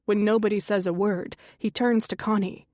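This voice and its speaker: A woman reading a first-person thriller audiobook in a slow, measured way, lifting her voice for quoted characters. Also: mid-range voice, fairly even intonation, darkish tone, no room sound, clean studio sound. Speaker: audiobook narrator. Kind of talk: scripted narration.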